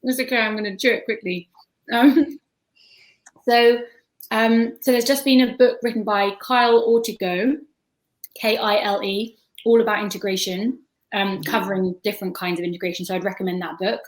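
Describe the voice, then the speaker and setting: A woman's voice: medium pitch, fairly even intonation, normal speed, low-quality recording. A woman on a video-call panel, talking at length in a thoughtful, chatty way and often restarting her words.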